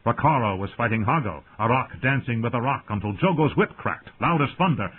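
Male audiobook narrator, husky, animated delivery, thin phone-like sound. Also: mid-range voice, fairly quick. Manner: lively, dramatic reading. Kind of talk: dramatic fantasy narration.

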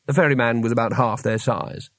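A man reading an audiobook aloud in a measured storytelling manner with wry timing. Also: medium pitch, steady tone, a bit bright, dry recording. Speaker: audiobook narrator. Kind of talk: scripted narration.

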